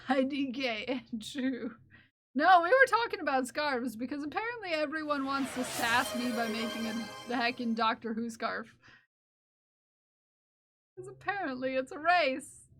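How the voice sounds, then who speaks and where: A woman's voice: high voice, expressive, normal speed, fairly bright tone, faint music behind. A woman hosting a live stream, chatting casually with her viewers and playfully scolding them. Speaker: livestream host.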